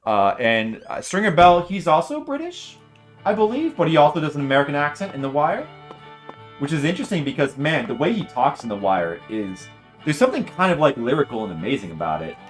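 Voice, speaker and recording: A man's voice: fairly high pitch, sing-song, brisk. A man streaming a video game, chatting casually and enthusiastically with many fillers and restarts, and faint guitar music behind him. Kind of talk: casual commentary while playing.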